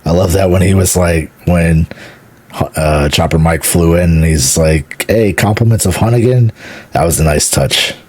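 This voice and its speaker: A man's voice: extremely low pitch, steady tone, measured pace, husky. A man from Houston, Texas, a gaming streamer, gives a casual, enthusiastic reaction to a game trailer, rambling, repeating words and swearing casually.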